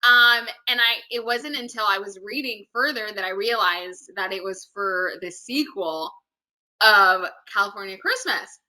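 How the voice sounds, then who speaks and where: An actress being interviewed, chatting casually and telling stories with animated, acted-out reactions. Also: female voice, mid-range voice, measured pace, rough recording. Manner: animated storytelling, acts out her own reactions.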